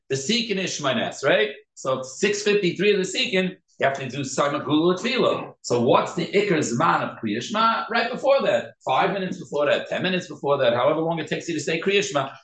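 Male Torah teacher, explanatory lecture style, fairly high voice. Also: fairly bright tone. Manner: explanatory, switching between English and Hebrew terms. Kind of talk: Talmud class lecture. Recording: echoey room.

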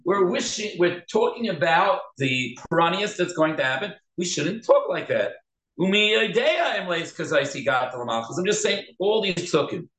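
A man teaching a casual Torah class, animated and acting out the quotes and dialogue he discusses. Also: high-pitched, moderate pace. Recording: echoey room.

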